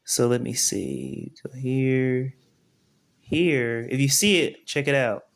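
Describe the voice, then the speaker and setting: A man's voice: medium pitch, takes it slowly, creaky. A man giving a casual live-stream tutorial, talking viewers through each step and often checking that they follow along. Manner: conversational, keeps checking in with viewers. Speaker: spiritual teacher.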